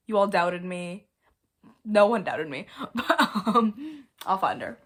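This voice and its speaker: A young woman hosting a casual vlog, chatty and playful, often mocking herself and jumping between loud and soft. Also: medium pitch, very animated, takes it slowly. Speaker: video host.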